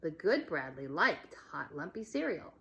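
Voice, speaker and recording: A woman teacher reading a children's novel aloud in a slow, deliberate storytelling manner. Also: sits low, big pitch swings, creaky, a bit bright. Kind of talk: read-aloud narration.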